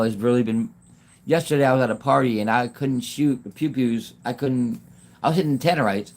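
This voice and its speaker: A man chatting casually on a livestream from his phone, rambling in halting, broken-off phrases and laughing often. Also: mid-range voice, darkish tone. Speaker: YouTube livestreamer.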